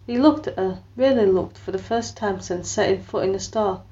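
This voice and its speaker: Here a mid-range female audiobook narrator reads at normal speed, voicing each character and lifting her tone for dialogue in expressive scripted storytelling. The audio sounds dull.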